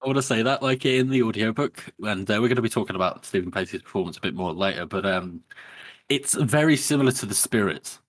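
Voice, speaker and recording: A man's voice: fairly low pitch, lively intonation, fast talker. A man co-hosting a casual book podcast, laughing mid-sentence and swearing casually. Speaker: podcast co-host.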